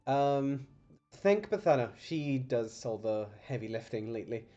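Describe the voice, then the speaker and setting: A man narrating as game master, pausing often with ums and restarting sentences. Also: medium pitch, animated, mellow. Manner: hesitant, many ums and restarts. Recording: dull lo-fi stream audio with faint music.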